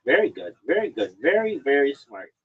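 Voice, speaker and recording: Briskly and with big pitch swings, a mid-range male podcast host chats casually with his guest on an online call, teasing him in mock-lecture fashion. There's a noisy background, and the stream audio sounds dull and lo-fi.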